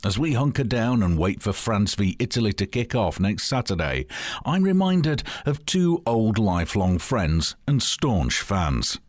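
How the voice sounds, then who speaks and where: A man telling a long joke as a story in a wry, measured way. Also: on the low side, big pitch swings, dry recording, studio quality.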